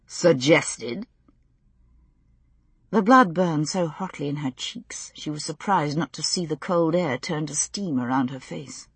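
A woman narrating a novel as an audiobook, in a measured storytelling manner. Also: low voice, fairly bright tone, husky, no room sound. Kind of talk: scripted narration.

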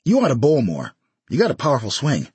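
A husky-voiced man voicing a crude, bossy middle-aged explosives seller who teases a lot, in a dry recording. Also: medium pitch, huge pitch swings, fairly quick, a little mellow, dry recording, pitched above the performer's own voice, exaggerated voice. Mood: jeering.

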